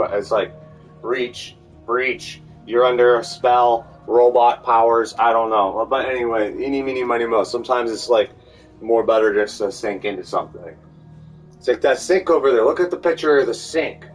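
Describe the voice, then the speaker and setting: A man's voice: mid-range voice, moderate pace. A man talking in a meandering monologue, full of fillers and restarts. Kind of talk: rambling monologue. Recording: distant mic with faint music.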